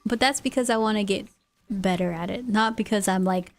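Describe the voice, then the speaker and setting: A woman's voice: medium pitch, a little fast. A woman from California streaming, chatting casually with her viewers and laughing often. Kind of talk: casual livestream chat, reading chat aloud.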